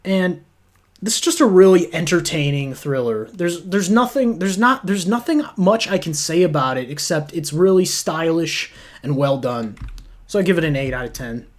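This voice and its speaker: A man's voice: on the high side, expressive, normal speed. A man casually reviewing movies, blunt and opinionated, swearing freely as he rants. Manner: blunt, profane, opinionated ranting.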